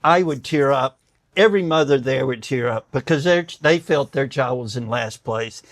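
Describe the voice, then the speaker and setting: In a dry recording, an older doctor speaks at medium pitch and a moderate pace as a guest telling stories in conversation. He animatedly imitates the people he quotes and tears up along the way.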